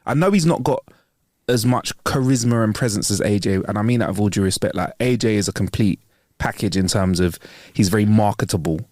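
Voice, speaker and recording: A man co-hosting a podcast, chatting casually and quickly with street slang. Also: lowish voice, a little mellow, no room sound, clean studio sound. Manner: quick, chatty, uses "bro" and "innit". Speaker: podcast co-host. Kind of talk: casual banter.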